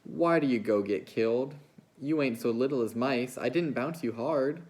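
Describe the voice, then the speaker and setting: A man reading a novel aloud, voicing a big, slow-witted, childlike ranch hand who talks in a plaintive, pleading way. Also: mid-range voice, a little mellow, pitched above the performer's own voice, lightly acted. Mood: grieving.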